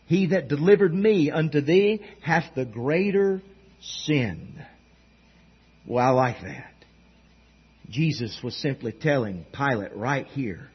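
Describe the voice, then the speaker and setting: A man preaching a sermon with a dramatic delivery, swinging between loud emphasis and hushed low tones. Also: husky. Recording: dull lo-fi sound.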